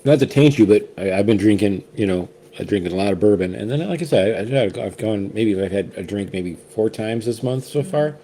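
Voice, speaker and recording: A man's voice: lowish voice, animated, a little fast, dark tone, slight background noise. A man hosting a casual whiskey tasting chat, rambling and restarting often as he shares his impressions. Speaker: whiskey reviewer, co-host.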